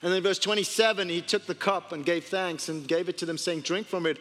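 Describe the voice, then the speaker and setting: A man preaching a sermon, impassioned, dropping to hushed tones for scripture. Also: high-pitched, steady tone, a little fast. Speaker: pastor. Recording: reverberant hall with faint music.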